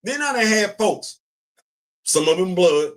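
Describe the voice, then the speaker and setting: Blunt, emphatic high-voiced man. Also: sing-song, a little slow. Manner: blunt, emphatic, repeats points. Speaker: podcast host. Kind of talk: casual commentary show.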